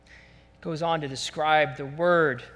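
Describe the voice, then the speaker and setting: A man preaching a sermon, telling a lively, joking story and acting out voices as a pastor. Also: fairly high pitch, slow, big-room sound. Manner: animated, jokey storytelling, acts out voices.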